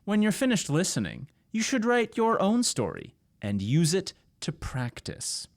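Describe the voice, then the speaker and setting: A male English teacher from Canada leads a pronunciation lesson. He speaks at an unhurried pace with very expressive, rising and falling intonation. Every word is enunciated carefully for the learner to repeat. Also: high-pitched. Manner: slow, clearly enunciated drills with repetition.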